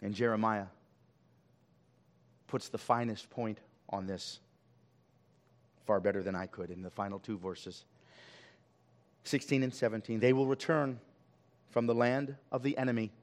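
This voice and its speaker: A male pastor preaching a sermon, swelling loud on key lines and dropping to a hush. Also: lowish voice, fairly even intonation, unhurried, long pauses.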